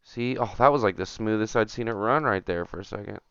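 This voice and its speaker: Streaming a retro game, a man chats to himself and his viewers, getting frustrated and muttering as he plays. His voice is on the low side and brisk, with a fairly bright, clean tone. The recording is dry, with no echo, and the highs are cut off.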